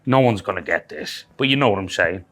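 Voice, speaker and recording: A man's voice: low-pitched, animated, a little fast, fairly bright tone. A man with a Scouse accent co-hosting a podcast in casual, sweary banter, mocking himself and rambling with restarts. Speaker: podcast co-host.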